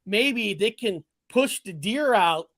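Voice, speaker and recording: Animated, profane man telling a story. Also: high voice, slow, creaky, no room sound. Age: 40s. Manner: animated, profane, restarts and self-corrections. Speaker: guest. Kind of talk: casual storytelling.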